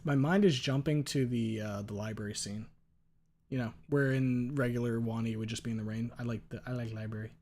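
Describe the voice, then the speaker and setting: Wrapping up a stream, a male streamer chats casually, cracking jokes, cursing freely and reading viewers' messages aloud. His medium-pitched voice has a darkish tone, fairly even intonation and a fairly quick pace.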